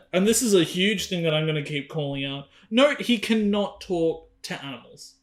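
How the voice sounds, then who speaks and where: A man's voice: sits high, moderate pace. A man co-hosting a casual film review podcast, joking and laughing often. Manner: laughs often, jokey, animated. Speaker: podcast co-host.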